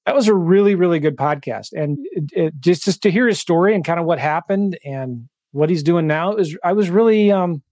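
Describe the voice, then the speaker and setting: A man's voice: high-pitched, a little fast, hardly any pauses, darkish tone, no echo, studio quality. A man hosting a podcast, asking questions and telling chatty personal stories. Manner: chatty storyteller, leads the questions. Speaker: podcast host. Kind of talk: casual podcast interview.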